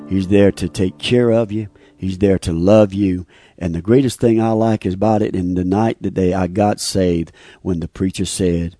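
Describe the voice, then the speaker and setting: A man's voice: sits low, fairly even intonation, moderate pace, dark tone, no room sound, studio quality. A man giving an earnest, heartfelt personal religious testimony, often repeating his phrases. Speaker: speaker giving a faith testimony. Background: faint guitar music.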